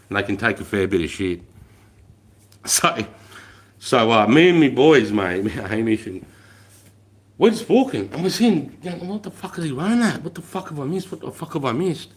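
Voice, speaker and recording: A middle-aged Australian man telling war stories on a livestream, swearing often and laughing as he goes. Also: mid-range voice. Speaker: livestream host, army veteran. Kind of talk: casual storytelling on a livestream.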